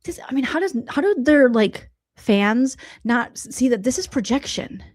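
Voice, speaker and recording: A woman comedian giving casual, sarcastic reaction commentary, swinging between loud outbursts and whispered asides. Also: high voice, animated, moderate pace, few pauses, no echo, clean studio sound.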